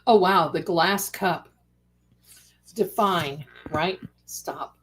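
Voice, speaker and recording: A woman hosting a casual livestream, chatting excitedly as she eats and comments. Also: lowish voice, very slow, a little hiss or hum, poor audio. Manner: excited, chatty, talks with mouth full. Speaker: livestream host. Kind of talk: casual live commentary while eating. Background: dish and cutlery clatter.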